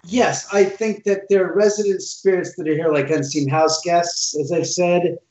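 A man telling an animated first-person ghost story in casual talk, acting out the dialogue as he goes. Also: high-pitched, normal speed. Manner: animated, acts out quoted dialogue. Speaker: homeowner telling ghost stories. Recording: roomy, distant, dull sound.

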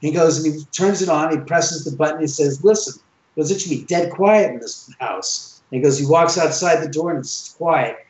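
A man's voice: a little high, normal speed. A man who owns a reputedly haunted house, telling stories in a casual podcast chat and acting out the lines of the people in them. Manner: animated, acts out quoted dialogue. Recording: roomy, dull sound.

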